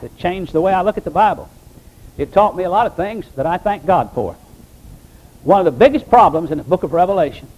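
A man's voice: high-pitched, a little mellow, low-quality recording. An older man, a pastor, preaching a sermon in a plain-spoken, folksy way and rising to emphatic exclamations.

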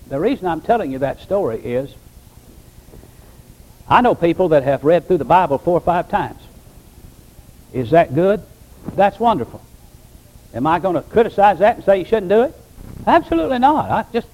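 A man's voice: sits high, darkish tone, rough recording. An older man, a pastor, preaching a sermon in a plain-spoken, folksy way and rising to emphatic exclamations.

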